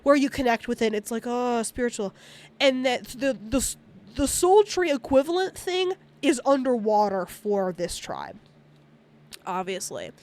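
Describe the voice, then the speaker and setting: A woman's voice: a little high, very animated, measured pace, darkish tone. A woman streamer casually recapping a movie, rambling, swearing often and acting out the characters' lines. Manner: rambling, frequent swearing, acts out character quotes.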